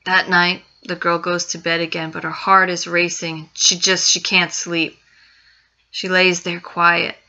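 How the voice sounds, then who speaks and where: A woman's voice: on the low side, flat delivery, unhurried, pushed and bright. A woman narrating a spooky story with suspense, repeating phrases for effect. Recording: dull lo-fi recording.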